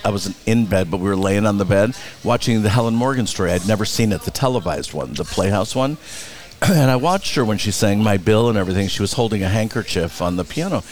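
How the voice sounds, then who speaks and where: A man with a low, grounded voice, chatting as an interview guest. He spins backstage stories with punchy, profane bluntness and slips into quick impressions of the people he quotes. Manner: animated anecdotes, blunt and profane; acts out other people's lines in quotes. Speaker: Broadway producer and director, guest. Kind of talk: casual interview storytelling.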